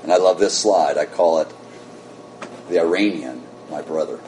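An American man preaching, telling a story with animated rises and soft, low drops. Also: moderate pace. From United States. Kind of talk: sermon storytelling. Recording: echoey room with faint rumble.

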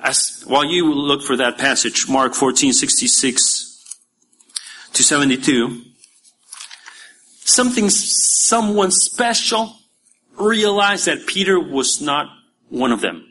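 A man, a pastor preaching a sermon in a church, emphatic at times and dropping to quiet asides. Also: mid-range voice, measured pace, a little hiss or hum.

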